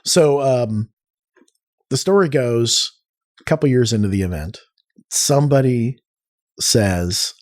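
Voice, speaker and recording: Animated male podcast guest telling stories. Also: mid-range voice, slow, long pauses. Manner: animated storyteller, frequent restarts and acted-out quotes. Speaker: podcast guest, arts nonprofit cofounder. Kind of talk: casual conversational storytelling.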